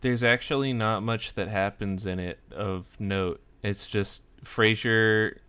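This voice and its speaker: A man's voice: on the low side, steady tone, slow, fairly bright tone, smooth. A young man casually recapping a sitcom episode for his vlog, chatty and full of "like" asides. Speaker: TV episode reviewer.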